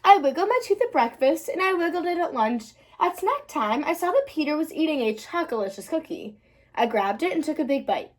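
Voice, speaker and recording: A young woman reading a children's picture book aloud in an expressive, sing-song storytelling voice. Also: high voice, fairly quick. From Pennsylvania. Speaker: storybook reader.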